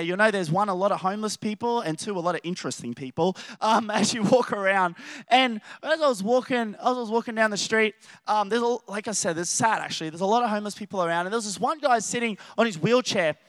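A young Australian man preaching a casual sermon, rambling and animated, telling stories with laughter and restarts. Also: sits high, no room sound, studio quality. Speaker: youth preacher.

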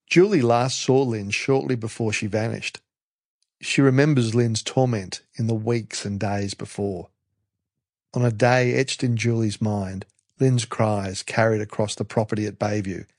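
A man's voice: fairly low pitch, steady tone, measured pace, no room sound. A man narrating a true-crime podcast. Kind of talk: scripted narration.

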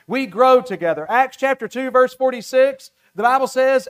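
A man's voice: extremely high pitch, normal speed, hardly any pauses, clear, resonant tone. A male pastor with a Southern American accent preaching a sermon, emphatic and repetitive, with folksy asides to his congregation.

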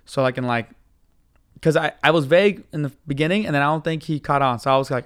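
A man with a smooth, clear voice pitched a little high tells a story as a podcast host. He rambles and swears casually, and he slips into other people's voices as he goes. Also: fast, fairly bright tone.

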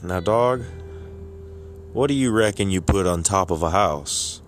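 A man's voice: low-pitched, animated, measured pace, a little hiss or hum. A man voicing a folksy drifter who shows off a talking dog, speaking in a drawling, wheedling way.

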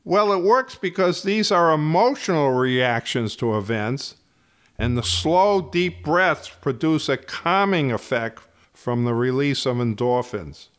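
A man who runs a fitness channel, explaining health topics in slow, deliberate, emphatic phrasing. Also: on the high side, expressive, fairly bright tone, clear, resonant tone, no room sound, studio quality. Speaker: fitness instructor. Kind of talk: slow explanatory talk to camera.

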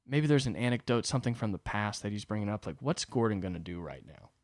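A man's voice: lowish voice, animated, fast, no echo, studio quality. A young adult man hosting a solo podcast, telling a comedic story with profane, rambling asides. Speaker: podcast host.

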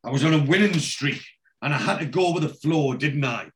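A man's voice: fairly high pitch, lively intonation, brisk, a bit bright. A man putting on the voice of a cheeky, gossipy middle-aged woman on holiday, retelling her lines in a breezy, sing-song way. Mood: gleeful.

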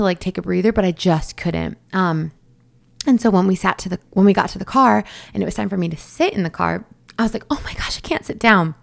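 A woman's voice: on the low side, vocal fry. A young woman telling the story of her labor in a chatty, casual way, full of fillers, asides and laughs. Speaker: new mother telling her birth story.

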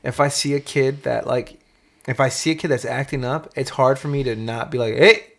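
A father chatting casually, animated and slangy, with sudden loud outbursts. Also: medium pitch, brisk, creaky. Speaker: parent. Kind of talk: casual chat.

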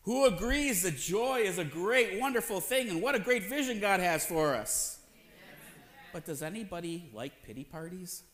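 A man with a high-pitched voice preaches in a church. He speaks conversationally, throwing questions to the congregation and acting out short voices in quotes. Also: lively intonation, moderate pace, fairly bright tone. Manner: acts out voices in quotes, playful asides. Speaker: pastor. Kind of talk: sermon.

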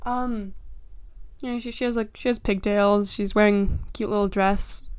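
A woman's voice: mid-range voice, steady tone, normal speed, smooth. A young woman running a tabletop game as game master, rambling and self-deprecating.

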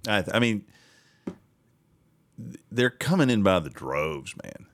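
A man's voice: fairly low pitch, sing-song, slow pace, slight background noise. A man hosting a casual political commentary podcast, sarcastic and rambling, laughing often. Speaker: podcast host.

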